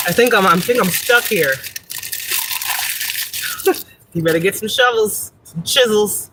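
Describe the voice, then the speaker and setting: Bright, laughing, foul-mouthed woman vlogger. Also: mid-range voice, slight background noise, low-quality recording. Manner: profane, laughing, chatty storytelling. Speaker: spiritual reader and livestream host. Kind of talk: casual livestream chat.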